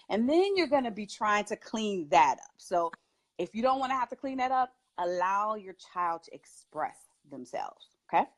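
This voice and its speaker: A woman who is a parent, a guest on a talk show, giving advice in an emphatic way and laughing often. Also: medium pitch. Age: adult parent. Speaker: guest speaker.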